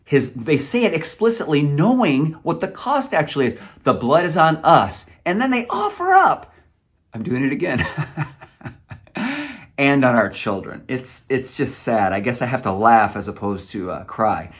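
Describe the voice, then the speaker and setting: Earnest man preaching with a lively pitch. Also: normal speed. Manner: earnest, emotional, stumbles and restarts. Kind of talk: sermon.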